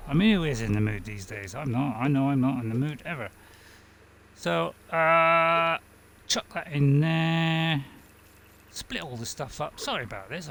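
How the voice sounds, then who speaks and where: A man's voice: medium pitch, a little hiss or hum. A man giving casual gameplay commentary as a streamer, rambling, talking to himself and chuckling often. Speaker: game streamer.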